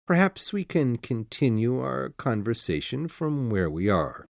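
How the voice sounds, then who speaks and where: A woman voicing a steady, reassuring middle-aged male lawyer in an audiobook, in a lowered, measured voice. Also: gravelly, dry recording, studio quality, exaggerated voice. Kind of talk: audiobook character voice.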